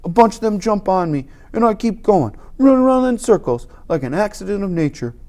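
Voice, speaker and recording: Audiobook reader, first-person narration, emphatic and lively, mellow tone. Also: mid-range voice, a little fast. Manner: animated, emphatic storytelling.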